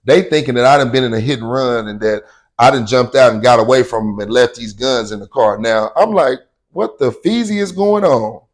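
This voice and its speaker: A brisk man with a mid-range voice and steady tone shares a personal anecdote casually in slang. Often he drops "you know what I'm saying," and he loudly acts out quotes that were yelled.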